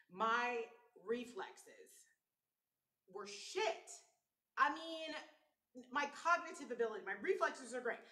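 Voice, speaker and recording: A chatty woman with a fairly high voice and a sharp, bright tone, hosting a live stream while she paints. She talks casually, tells stories with animation and swears freely. The sound bounces around a reverberant room. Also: recorded from a distance. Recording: echoey room.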